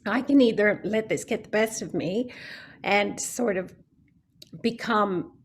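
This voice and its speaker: A woman's voice: medium pitch, unhurried, breathy edge. A woman giving an earnest, reflective talk on self-care in an online meeting, often restarting her phrases as she thinks. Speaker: guest speaker. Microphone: video call.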